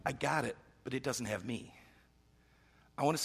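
A middle-aged man preaching a sermon, swinging from loud, urgent emphasis down to a hushed near-whisper. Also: mid-range voice, normal speed, creaky, pauses often, slightly rough. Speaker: pastor.

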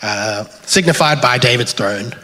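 A man with an Australian accent giving a relaxed, chatty sermon with slides, thinking aloud as he goes. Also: medium pitch, unhurried. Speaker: preacher. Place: church hall. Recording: long hall reverb.

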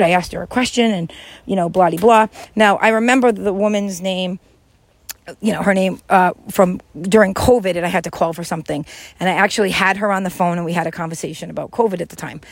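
A woman's voice: mid-range voice, no room sound. A woman giving a casual motivational talk to camera, emphatic and repetitive, often acting out little scenes in quoted voices. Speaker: life skills vlogger.

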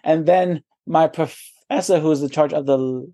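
A man's voice: fairly high pitch, moderate pace, warm tone. A young man co-hosting a podcast, chatting casually with a stutter, repeating words, swearing and laughing often. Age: young adult. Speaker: podcast co-host. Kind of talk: casual chat.

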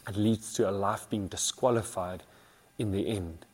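A man's voice: on the low side, normal speed, a little mellow, husky. A man preaching an earnest sermon as a pastor, building emphasis through repeated phrases.

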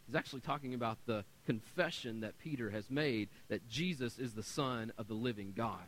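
A male pastor preaching a sermon in a church, reading scripture and stressing points by repeating words, swinging between loud and soft. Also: on the high side, low-quality recording. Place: church sanctuary.

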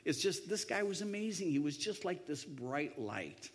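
A man's voice: on the high side, big pitch swings, moderate pace, slightly rough. A man telling a personal anecdote in a rambling way, with many restarts and voiced quotes. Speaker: storyteller. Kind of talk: anecdotal storytelling.

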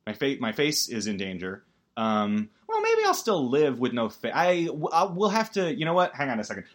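A man hosting a comedic solo podcast, talking in a rambling, self-deprecating way with many stammered restarts and sudden jumps in pitch. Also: huge pitch swings, normal speed. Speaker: podcast host.

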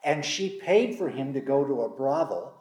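Lively, self-deprecating man preaching in a roomy hall. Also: moderate pace, a little hiss or hum. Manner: candid, self-deprecating storytelling with lively pitch. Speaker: pastor. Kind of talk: sermon with personal storytelling. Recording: roomy echo.

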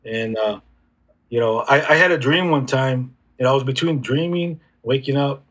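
A man speaking as an interview guest, reflective and halting, with frequent restarts. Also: medium pitch, a bit bright. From United States. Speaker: guest healer. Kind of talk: casual conversational interview.

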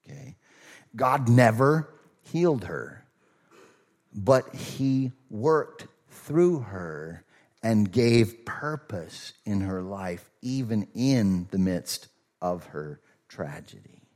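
A man's voice: fairly low pitch, lively intonation, extremely slow, a little mellow. A middle-aged male pastor preaching a sermon in a conversational, storytelling way, with frequent fillers and asides.

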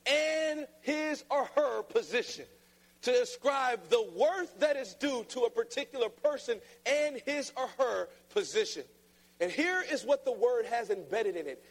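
A man preaching a sermon, playful and then emphatic, often mimicking flat reading voices. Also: very high voice. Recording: long reverb of a large hall.

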